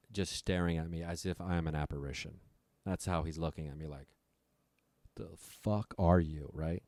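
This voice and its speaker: Low-voiced man telling a profane story. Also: a little mellow, no room sound. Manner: profane, breathless retelling. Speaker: podcast guest. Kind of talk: storytelling on a comedy podcast.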